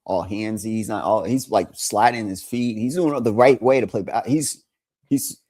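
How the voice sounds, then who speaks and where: A man co-hosting a sports podcast, excitable in casual chat, often restarting his sentences. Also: fairly low pitch, moderate pace. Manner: excitable, lots of restarts and laughter. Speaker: podcast co-host.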